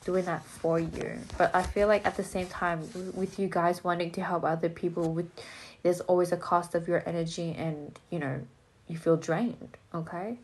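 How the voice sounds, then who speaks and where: A young woman with an Australian accent runs a live tarot reading, talking straight to her viewers in a loose, chatty way. She is blunt and jokey and drops the odd curse. Her voice sits a little low for a woman. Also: steady tone, moderate pace, husky. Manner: casual, chatty, blunt, swears and jokes. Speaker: tarot reader.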